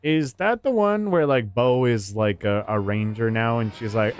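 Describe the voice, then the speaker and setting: A man's voice: fairly low pitch, moderate pace. A man streaming a horror game, chatting casually with viewers, swearing and laughing often and jumping into silly voices. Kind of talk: casual gaming stream chat.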